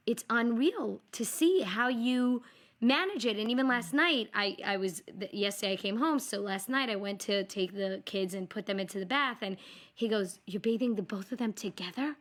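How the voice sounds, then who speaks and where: A woman's voice: on the high side, moderate pace. A woman on a talk panel telling a family story in casual chat, acting out the voices she quotes.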